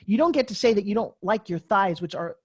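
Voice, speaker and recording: A middle-aged woman, a guest on a podcast interview, speaking as an emphatic, energetic motivational speaker. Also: mid-range voice, fairly quick, breathy edge.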